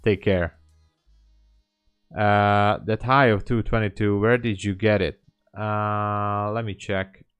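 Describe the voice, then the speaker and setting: A man talking slowly and thinking aloud while day trading on a live stream, often apologizing for small mistakes. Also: fairly low pitch, fairly even intonation, a bit bright, smooth, no room sound, dull audio, soft background music. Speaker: livestream day trader.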